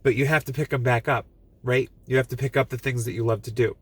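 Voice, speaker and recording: A man's voice: medium pitch, steady tone, quick pace, fairly bright tone, husky, no room sound. A man giving a casual, earnest film review to camera, gushing and emotional, often restarting and repeating himself. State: emotional, moved.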